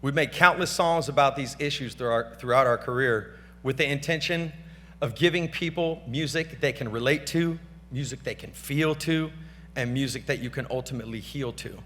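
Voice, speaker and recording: A middle-aged man with a sharp-toned, mid-range voice gives a casual gala acceptance speech, going off-script and using slang as he shouts out thanks to family and friends into a stage mic. The large banquet hall sounds reverberant, with a faint hum.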